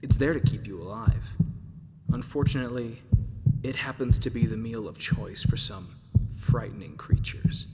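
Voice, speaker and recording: A man reads a scripted spooky opening in a low, half-whispered hush. His voice rings out with a long, hall-like reverb around it. The pitch sits in a middle male range. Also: normal speed. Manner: hushed, half-whispered delivery.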